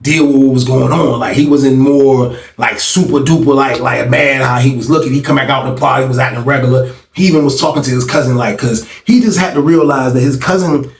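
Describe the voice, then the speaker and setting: Fast-talking man telling a story, roomy sound. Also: vocal fry, distant mic. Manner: animated, acts out other people's voices with big pitch jumps. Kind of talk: casual storytelling.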